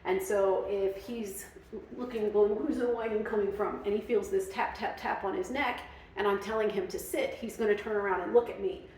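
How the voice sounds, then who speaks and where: A woman's voice: medium pitch, steady tone, moderate pace, a little mellow, recorded from a distance, a little hiss or hum. A woman dog trainer explaining her methods in a casual, chatty way, with many fillers. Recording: very echoey room, off-mic.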